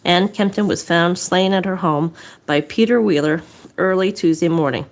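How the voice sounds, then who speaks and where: Casting note: woman narrator, a bit low-pitched, reading history aloud casually, short of breath, restarts lines, drops dry asides. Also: normal speed. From southwest Nova Scotia. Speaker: storyteller reading local history.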